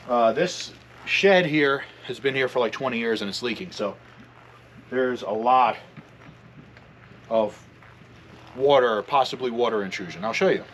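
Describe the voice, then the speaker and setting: A man's voice: medium pitch, fairly bright tone, a little hiss or hum. A man in his thirties hosting a casual garage vlog, joking at his own expense as he rambles, a little out of breath. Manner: joking, self-mocking, rambling. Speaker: channel host. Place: home garage and shed.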